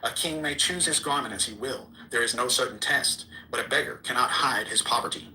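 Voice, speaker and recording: A man's voice: mid-range voice, brisk, sharp tone, a little hiss or hum, rough recording. A man giving a solemn, declamatory reading of an archaic scriptural text. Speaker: reader.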